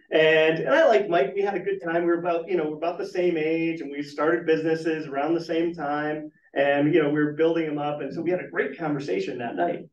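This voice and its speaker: A middle-aged man, a business trainer, telling lively stories to a meeting room and asking the audience questions. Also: fairly high pitch. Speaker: business trainer and guest speaker. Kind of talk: storytelling talk at a networking meeting. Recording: echoey, muffled room recording from far off.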